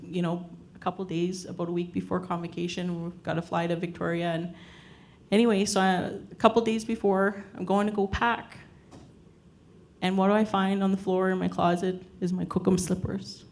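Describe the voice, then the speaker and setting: A woman with a low, gravelly voice tells a personal story to an audience at a panel. Her pitch stays flat as she speaks earnestly, pausing often with fillers. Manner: earnest, halting, many fillers. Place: event hall with audience.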